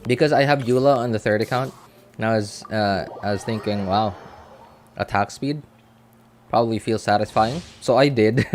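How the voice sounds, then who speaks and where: Keep it loose and a touch low, like a man chatting over his game stream, tripping over restarts and chuckling at yourself, with faint game music running under you. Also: normal speed. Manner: rambling, self-mocking, laughs often. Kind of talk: casual live-stream chat.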